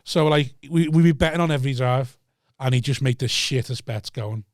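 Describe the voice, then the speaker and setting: A man's voice: mid-range voice, a little fast, no echo, studio quality. A man co-hosting a podcast, telling a story in casual chat, swearing freely and acting out the quotes. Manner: swears freely, acts out quotes with lively voices. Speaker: podcast co-host.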